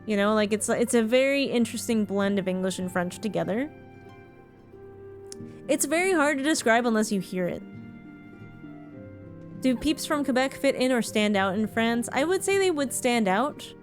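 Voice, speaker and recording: A woman's voice: a little high, lively intonation, moderate pace, pauses often, faint music behind. A woman from Ontario in Canada, chatting frankly and casually with her viewers while she streams a game, swearing now and then. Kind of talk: casual live-stream chat while gaming.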